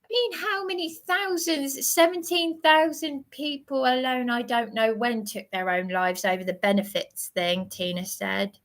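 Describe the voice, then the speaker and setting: Agitated middle-aged woman from England on a livestream, slow and rambling with many restarts. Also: sits high, steady tone, fairly bright tone. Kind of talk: emotional livestream monologue.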